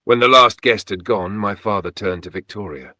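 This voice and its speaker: A man giving dramatic scripted first-person narration of a folktale, steady and close to the mic. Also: lowish voice, moderate pace, dry recording.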